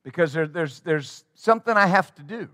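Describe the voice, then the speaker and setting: A man's voice: fairly high pitch, expressive, normal speed, bright, forceful tone, no room sound, clean studio sound. A man preaching a sermon as pastor, emphatic and rhythmic, drawing call-and-response from his congregation.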